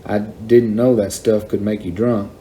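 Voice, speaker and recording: A man reading aloud and voicing a miserable boy who answers in a low, sheepish way. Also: level tone, unhurried, mellow, a little hiss or hum, natural voice.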